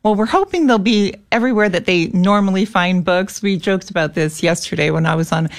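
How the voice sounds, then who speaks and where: An earnest middle-aged American woman, a guest in a conversational interview, talking with quick restarts. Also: medium pitch. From United States.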